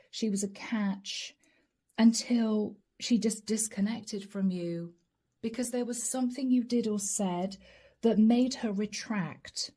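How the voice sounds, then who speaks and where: Woman tarot reader, middle pitch, warm mellow tone, chatty, addresses the viewer directly. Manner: chatty, laughs often, talks straight to the viewer. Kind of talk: casual tarot reading.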